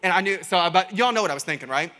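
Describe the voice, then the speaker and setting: A man with a Kentucky Southern accent giving an animated keynote talk, telling stories to a crowd and calling them y'all. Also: sits high, rapid-fire. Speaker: keynote speaker. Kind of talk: energetic keynote storytelling. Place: large conference stage. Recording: reverberant conference hall.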